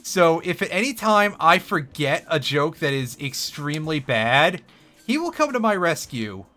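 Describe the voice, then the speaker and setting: A man's voice: medium pitch, pushed and bright. A man streaming a video game live, giving wry, self-mocking commentary and talking to his chat as he plays. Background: faint game music.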